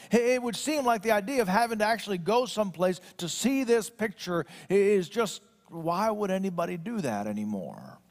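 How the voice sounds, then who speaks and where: Man preaching with a higher voice. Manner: slow solemn scripture reading; conversational preaching with restarts. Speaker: pastor. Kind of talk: sermon.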